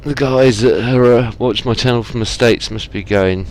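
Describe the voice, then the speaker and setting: A man's voice: medium pitch, normal speed, hardly any pauses, darkish tone. A man with an English accent giving casual, self-mocking commentary while playing a truck driving game and talking back to the traffic. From England. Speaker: let's play gamer. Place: home, at a driving-sim rig.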